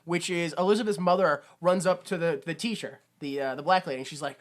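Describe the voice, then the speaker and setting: A man's voice: on the high side, fast. A man co-hosting a podcast, recapping a film in casual chat, acting out the characters in funny voices and laughing often. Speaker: podcast co-host.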